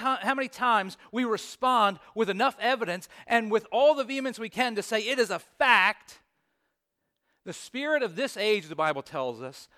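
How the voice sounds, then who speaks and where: A man's voice: sits high, sharp tone. A man preaching a sermon as pastor, reading scripture, praying and telling stories in an earnest, emphatic way.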